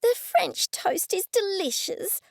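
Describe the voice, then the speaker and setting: A woman's voice: sing-song, takes it slowly, vocal fry, no echo, in a whisper, studio quality, exaggerated voice. A woman voicing an eccentric, snappy older lady who will brook no argument. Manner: shrill, snappy, insistent.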